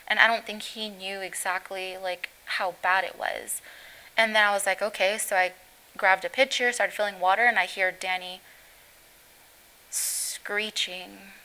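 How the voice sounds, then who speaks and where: Bright-voiced mother recounting haltingly. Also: medium pitch, fairly even intonation, rough recording. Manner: halting, voice breaking as she recounts. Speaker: guest, mother of injured teen. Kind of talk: emotional recounting in interview.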